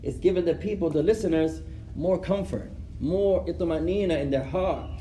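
This classroom lesson on Islamic studies comes from a man whose voice is a little high and dark in tone, speaking at a moderate pace over faint background music. He mixes Arabic phrases into his English and asks rhetorical questions, and the room is echoey with faint ambience.

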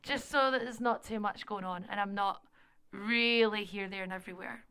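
A woman in her twenties co-hosting a podcast, chatty, her voice rough from just waking up. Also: medium pitch, fairly even intonation, normal speed, pushed and bright. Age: 20s. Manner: chatty, laughs often. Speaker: podcast co-host. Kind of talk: casual chat.

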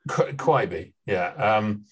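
Male podcast co-host, lower pitch, relaxed explainer with fillers. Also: takes it slowly, breathy edge. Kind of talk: casual chat.

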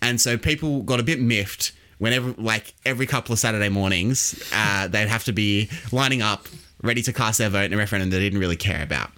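A man's voice: fairly low pitch, fast talker, pushed and bright, smooth. An Australian man hosting a podcast, explaining history casually and quizzing his co-host.

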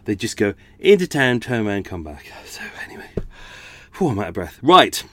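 Speaking quickly with a sing-song lilt, a middle-aged podcast host chats casually at home. His voice sits on the low side and comes across pushed and bright, and he seems tired, rambling and correcting himself.

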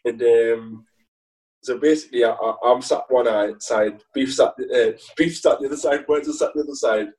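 Mellow-voiced footballer telling stories. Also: male voice, medium pitch, moderate pace, far from the mic, low-quality recording. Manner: rambling, laughing, lots of restarts and fillers. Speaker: footballer guest. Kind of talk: casual interview chat.

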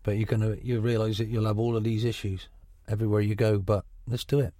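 A middle-aged football manager with a Gloucestershire burr talks frankly and chattily in a radio interview, often restarting his sentences. His lowish voice is level and mellow, he talks fast, and the recording is dry with clean studio sound.

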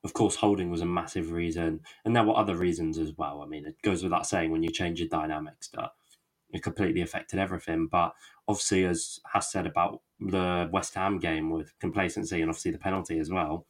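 Man, very deep voice, measured, reflective, casual podcast talk. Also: fairly even intonation. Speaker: podcast panelist. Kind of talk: casual football debate.

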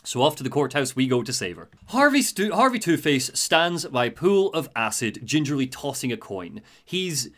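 A man's voice: mid-range voice, moderate pace, hardly any pauses. A man hosting a podcast, casually recapping a video game story with jokes and the odd swear. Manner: animated, jokey, swears.

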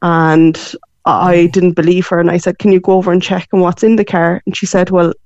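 A woman of forty with a Cork accent, chatting as a guest in a lively storytelling way. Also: lowish voice, fairly quick, dry recording, lo-fi sound. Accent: Irish, Cork. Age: 40s. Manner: animated storytelling, voices her mum's lines. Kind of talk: casual phone interview.

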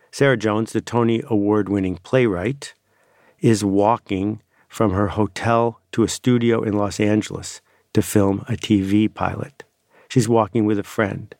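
Low, gravelly man narrating a podcast. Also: a little mellow, no echo, clean studio sound. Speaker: podcast host.

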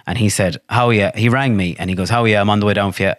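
Animated Irish man, low voice. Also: racing, no echo, clean studio sound. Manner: animated, swears freely, acts out quotes. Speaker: podcast guest. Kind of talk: casual chat, storytelling.

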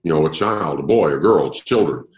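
Deep guy teaching bible study, lively up and down voice, asks the group stuff, echoey room. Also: moderate pace.

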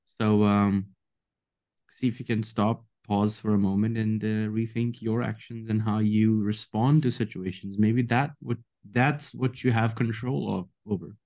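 Male co-host, low voice, measured and thoughtful, casual talk. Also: steady tone, darkish tone. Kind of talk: casual conversation.

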